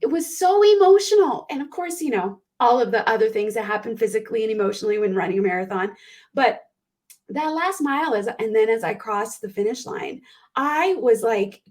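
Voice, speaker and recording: A woman guest on an interview show, a performance coach telling heartfelt stories in an animated way and often clearing her throat. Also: fairly high pitch, a little fast. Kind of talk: conversational interview.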